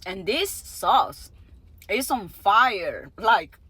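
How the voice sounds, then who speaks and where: A woman hosts a casual food-tasting vlog, taking her time over each sentence. Her voice sits at an ordinary middle pitch, and she breaks into soft, quiet murmurs while she tastes. The talk is relaxed and friendly. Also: extremely slow, husky, dry recording. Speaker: food reviewer.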